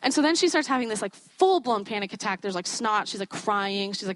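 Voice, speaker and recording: A woman's voice: medium pitch, lively intonation, fast, few pauses, dry recording. Young woman, student preacher, chatty sermon, laughs often, dry recording.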